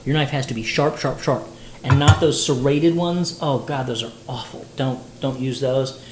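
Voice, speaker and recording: A man's voice: medium pitch, normal speed. Chatty man cooking in an echoey kitchen. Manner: chatty and playful, talks to viewers. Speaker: livestreamer cooking dinner. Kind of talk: casual livestream chat while cooking. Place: home kitchen. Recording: echoey kitchen with sizzling pan noise.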